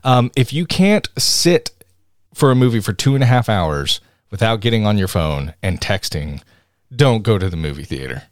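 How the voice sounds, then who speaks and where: A man's voice: lowish voice, very animated, normal speed, no echo, studio quality. A man co-hosting a podcast, talking in an emphatic, ranting casual chat. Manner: emphatic, ranting, jumps between loud and soft. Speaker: podcast co-host.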